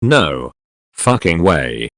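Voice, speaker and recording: A man reading an audiobook, voicing a cruel male captor who talks in a low, slow, strained, pleading way. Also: sing-song, a bit bright, no echo, studio quality, heavily acted. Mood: sneering. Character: cruel grown male captor, broken and begging. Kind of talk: audiobook character voice.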